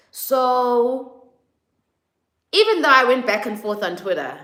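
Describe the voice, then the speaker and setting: A South African woman vlogging a casual opinion monologue, animated and mimicking others in exaggerated quotes. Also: medium pitch. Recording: echoey room.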